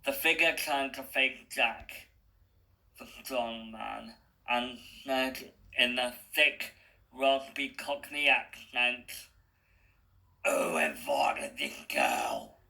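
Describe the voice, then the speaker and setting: A man reads a story aloud at a slow, deliberate pace with small restarts. His voice is gravelly but bright, with mid-range pitch. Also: steady tone, rough recording. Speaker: narrator.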